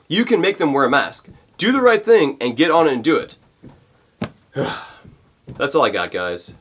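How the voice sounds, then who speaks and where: A man's voice: medium pitch, a bit bright. A male vlogger ranting to camera, fired up and exasperated, often repeating himself. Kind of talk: heated rant to camera.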